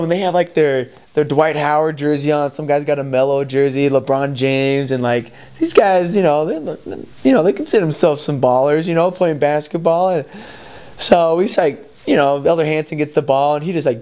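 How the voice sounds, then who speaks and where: Young american guy rambling through an old story, kinda high voice, super smooth and clear. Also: a little mellow. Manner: rambling, full of "like" and "you know". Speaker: returned missionary. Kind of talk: casual storytelling.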